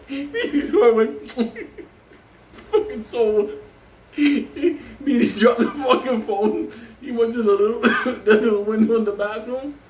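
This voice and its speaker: A man's voice: high-pitched, slow, a little mellow, far from the mic, a little hiss or hum. A man telling a wild story in casual, profane talk, laughing often and acting out the voices of the people in it. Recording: roomy, off-mic with faint ambience.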